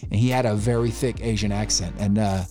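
A man's voice: fairly low pitch, brisk. A man co-hosting a podcast in casual chat, a rambling storyteller who likes to talk. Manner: rambling storyteller, animated impressions. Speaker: podcast co-host.

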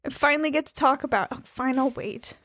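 A woman with a high, bright voice co-hosts a casual podcast chat. She talks in a playful, jokey way, quick to tease. The sound is close and dry, with no room around it. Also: no echo. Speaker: podcast co-host.

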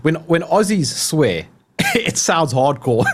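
A man's voice: high voice, noisy background. A South African man hosting a podcast, chatting casually and laughing often. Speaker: podcast host. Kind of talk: casual chat.

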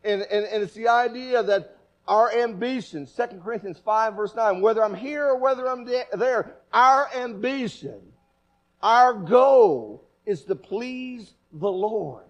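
A man with a fairly high voice preaches a sermon in a church. He swings between quiet, low asides and forceful, emphatic rhetorical questions. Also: unhurried, highs cut off. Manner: animated, emphatic, repetitive questions.

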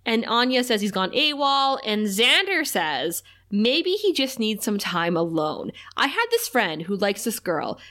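A woman co-hosting a casual recap podcast, animated and laughing often as she retells scenes. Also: fairly high pitch. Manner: animated, laughs often, reads quotes in a flat aside voice. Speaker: podcast co-host.

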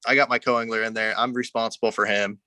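A man's voice: mid-range voice, flat delivery, fast talker, bright, forceful tone, dry recording. A man telling fishing stories in a laid-back, casual way, often saying "you know", from Arizona. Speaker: guest angler. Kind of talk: casual storytelling.

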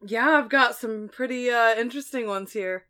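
A woman's voice: on the high side, normal speed. A woman co-hosting a casual chat podcast who reads listener stories aloud and laughs often. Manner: giggly, animated storyteller. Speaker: podcast co-host.

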